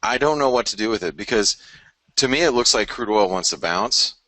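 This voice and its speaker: A man's voice: fairly low pitch, lively intonation, fairly quick, pushed and bright, no echo. A man hosting a live trading webinar, talking through charts in a rambling, frank way, often stopping and restarting mid-thought. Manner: rambling, self-interrupting, frank.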